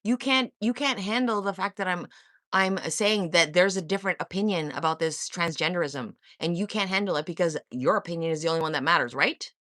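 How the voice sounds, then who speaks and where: A woman's voice: on the low side, fairly quick, a bit bright, no room sound, clean studio sound. A woman hosting a livestream, talking back to chat viewers by name in a confrontational, sarcastic way and swearing freely. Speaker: livestream host. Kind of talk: heated live-chat monologue.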